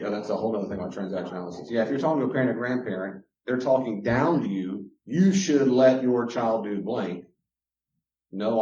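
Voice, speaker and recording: A man's voice: fairly low pitch, darkish tone. A man with a Southern US drawl lectures a class with passion, hammering home his points and getting worked up. His voice carries through a roomy space, and the recording sounds dull and lo-fi. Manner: emphatic, gets worked up. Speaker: Christian counselor teaching a class.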